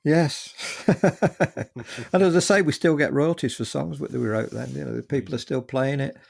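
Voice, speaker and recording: An English man in his seventies, with a gravelly, rough-edged voice, rambles through his stories in an easy interview chat. His pitch sits in a plain middle range. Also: normal speed. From England. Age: 70s. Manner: chatty, rambling with many fillers. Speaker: guest musician. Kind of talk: casual anecdotal storytelling.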